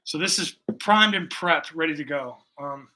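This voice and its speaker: At normal speed, a man with a slightly high voice comes across bright and forceful. Painting for his livestream in his bedroom, he rambles casually, joking and swearing with his viewers.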